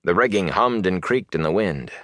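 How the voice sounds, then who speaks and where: Man narrating an audiobook, low voice, lively delivery, dry close sound. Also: moderate pace, no echo.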